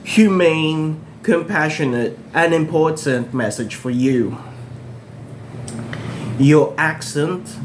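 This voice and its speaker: A Filipino man in his thirties, with a Filipino accent and a fairly high-pitched voice, speaks over background noise. In an earnest direct-to-camera talk, he encourages English learners and repeats himself for emphasis.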